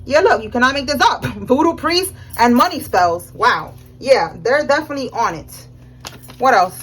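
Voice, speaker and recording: A young woman giving a casual tarot reading, animated and slangy, often checking in with "all right?". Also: a little high, moderate pace, husky, faint music behind, poor audio. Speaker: tarot reader.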